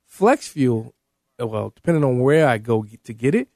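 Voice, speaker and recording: A man hosting a talk radio show, excitable and quick to shout when he argues. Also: no echo, studio quality. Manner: excitable, shouts and jumps high in pitch when arguing. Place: radio studio.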